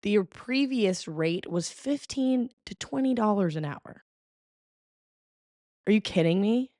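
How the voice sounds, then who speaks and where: A woman's voice: medium pitch, lively intonation, unhurried, a little mellow, no room sound, studio quality. A young woman hosting a casual solo podcast, playful and dramatic, humming bits of songs. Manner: playful, dramatic, hums and sings along to songs. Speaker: podcast host.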